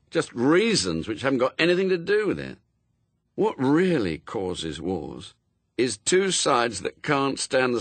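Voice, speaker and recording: A man reading a storybook, voicing a gloomy, world-weary male demon in a flat, fatalistic way. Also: lowish voice, no echo.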